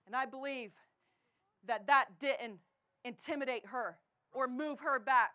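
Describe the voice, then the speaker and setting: A woman with a Canadian accent preaches in a church, her voice very high and bright. She swings from fervent, shouted declarations down to hushed, low passages, pressing every point with conviction. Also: a little slow. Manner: impassioned preaching, often shouting, then dropping to a hush. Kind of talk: sermon. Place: church sanctuary.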